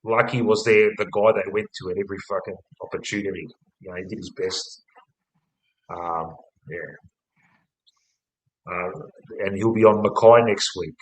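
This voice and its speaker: Laid-back sweary Australian bloke. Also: male voice, low voice, steady tone, moderate pace, long pauses, reverberant, low-quality recording. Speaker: podcast co-host. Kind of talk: casual footy chat.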